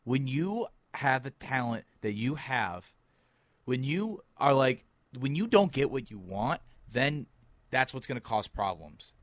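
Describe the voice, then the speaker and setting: A man's voice: mid-range voice, big pitch swings, unhurried, no room sound. A man co-hosting a sports podcast, ranting in exasperation and mocking players with quoted voices. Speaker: podcast co-host. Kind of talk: heated sports talk.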